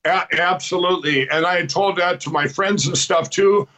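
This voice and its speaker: A man with a notably high voice tells his life story as an interview guest. He rambles earnestly, retelling old conversations line by line with a string of "I said"s, and now and then laughs at himself. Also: moderate pace, bright, forceful tone, low-quality recording. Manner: rambling, repeats "I said" while retelling dialogue. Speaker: guest telling his testimony. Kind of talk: personal storytelling.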